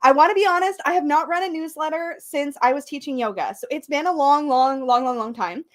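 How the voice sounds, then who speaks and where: A woman hosting a livestream, her voice high and bright. She talks with excited emotion, tearful and laughing as she goes. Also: fairly quick. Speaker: tarot channel host. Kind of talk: livestream chat.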